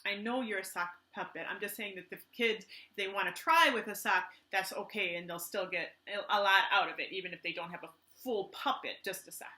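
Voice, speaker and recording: A woman who is a teaching artist, giving a children's art lesson in an enthusiastic, gently instructive way. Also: mid-range voice, a little fast, few pauses.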